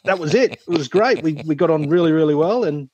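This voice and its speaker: A man, a former cricketer, telling lively anecdotes in a casual chat, laughing as he goes. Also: fairly high pitch, a little fast, breathy edge, no echo, poor audio. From Australia. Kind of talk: casual storytelling.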